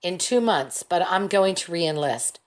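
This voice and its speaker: A tired, stubborn young soldier talks wearily but will not give an inch, as a woman reads him in an audiobook. His voice sits a little low and plain. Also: lively intonation, unhurried. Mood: insistent. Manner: weary and insistent. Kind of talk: audiobook character voice.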